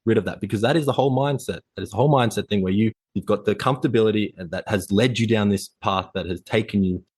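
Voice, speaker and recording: A male fitness coach speaks on a podcast in an intense, blunt, motivational way. He talks quickly in a low voice, and the recording is dry and close. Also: darkish tone, slightly rough, dry recording. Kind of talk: casual interview chat.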